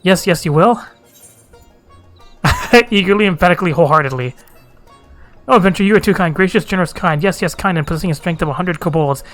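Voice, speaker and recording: A man plays a cringing male kobold beastman from a fantasy game, wailing about his doom and piling up synonyms for every word. The voice is a little raised and loud, with faint music behind it. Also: high-pitched, fairly quick, long pauses. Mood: fawning. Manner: repeats itself in strings of synonyms.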